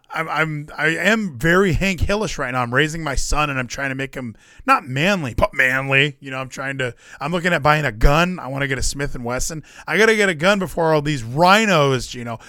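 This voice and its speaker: A man's voice: on the high side, bright, forceful tone, dry recording, clean studio sound. A young adult man hosting a podcast, chatting casually with rambling jokes and ranting bursts. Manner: rambling, joking asides and running gags. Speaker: podcast host. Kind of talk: casual chat.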